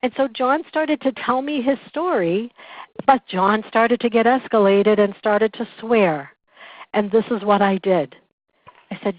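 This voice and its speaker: Calm woman teaching over a tinny line. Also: medium pitch, a little slow, no room sound. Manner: calm, earnest, instructive storytelling. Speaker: patient relations coordinator teaching a class. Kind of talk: webinar presentation. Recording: tinny phone-like dry recording.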